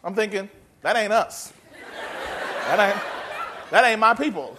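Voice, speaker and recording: A man preaching a sermon in a folksy, humorous, animated way. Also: high-pitched, measured pace, long pauses, a little hiss or hum. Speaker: pastor.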